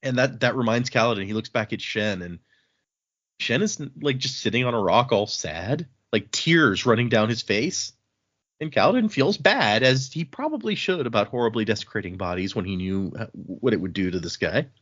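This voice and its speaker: This man hosts a relaxed book-discussion podcast, recounting scenes from a novel and voicing the characters' dialogue himself. He speaks at a normal speed with a medium-pitched, expressive, slightly bright voice, and the recording sounds dull and lo-fi.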